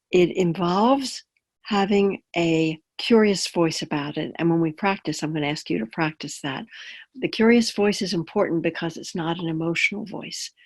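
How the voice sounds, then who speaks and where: Woman, chaplain, webinar talk, conversational, personal examples, check-in questions. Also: on the low side. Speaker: palliative care chaplain.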